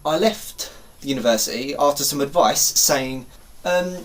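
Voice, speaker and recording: Young man, vlogger, animated storytelling, exasperated, casual swearing, mid-pitched voice. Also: moderate pace.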